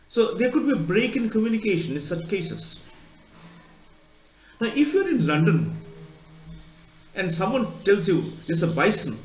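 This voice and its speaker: A male college lecturer explaining pronunciation, spelling words out letter by letter and telling short anecdotes. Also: sits high. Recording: echoey room, dull lo-fi sound.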